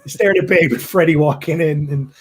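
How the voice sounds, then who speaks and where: A man's voice: on the high side, brisk, breathy edge. A man narrating as game master in a loose, chatty way, laughing often.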